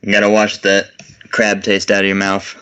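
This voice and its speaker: A man with a Texan accent chats on a podcast. His low voice has a bright, forceful edge. He is wry and quick to mock himself. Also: completely flat delivery, smooth, poor audio. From Texas. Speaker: podcast co-host. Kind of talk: casual chat.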